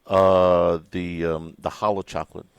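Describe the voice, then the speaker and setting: Man, sports radio co-host, low pitch, dry close mic, halting fillers. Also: little pitch movement, smooth, no echo, lo-fi sound. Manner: hesitant, many fillers, rattles off scores. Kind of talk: casual sports radio banter. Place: radio studio.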